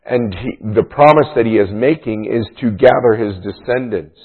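Husky man preaching an emphatic sermon. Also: mid-range voice, normal speed, hardly any pauses. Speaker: pastor. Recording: tinny phone-like sound.

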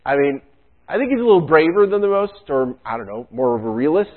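A pastor delivers a conversational sermon, talking fast in a slightly high voice with lively intonation. He's casual and chatty, dropping jokes into his asides, and the sound is tinny, as if through a phone.

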